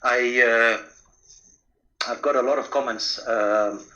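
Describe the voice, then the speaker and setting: A man's voice: mid-range voice, steady tone, slow, pushed and bright. A man calling in over a video chat, polite and hesitant, with many fillers. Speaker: caller. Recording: dull lo-fi call audio.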